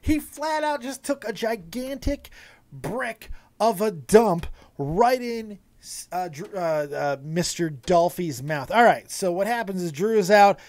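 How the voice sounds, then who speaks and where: A man hosting a casual wrestling review show, talking in an animated, profane way with laughing asides and frequent swearing. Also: sits high, takes it slowly, dry recording.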